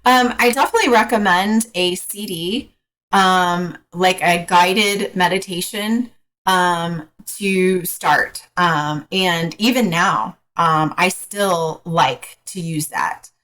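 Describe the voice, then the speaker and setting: A woman coach as a podcast guest, talking frankly in a casual, hesitant way with many pauses. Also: on the low side, fairly bright tone, rough recording. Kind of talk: casual interview chat.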